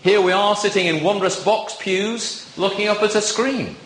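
A man's voice: high voice, normal speed, a bit bright, slight background noise. A man preaching a sermon in a church, chatty and playfully teasing his congregation. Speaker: visiting preacher. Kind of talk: sermon with audience banter. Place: church with box pews. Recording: echoey church room.

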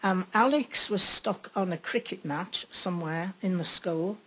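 An older woman giving a personal faith testimony, reflective and pausing often with ums. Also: fairly low pitch, fairly bright tone, poor audio. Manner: unhurried, reflective, with frequent pauses and ums. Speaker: speaker sharing a faith testimony.

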